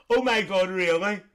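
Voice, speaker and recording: A man's voice: high-pitched, sharp tone, clear, resonant tone, full character voice. A man playing a cheeky auntie figure on a comedy live stream, reading comments with risqué jokes and squealed exclamations. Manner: giggly and risqué, squealing "lovely". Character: bawdy cheeky auntie woman, gossiping and giggling.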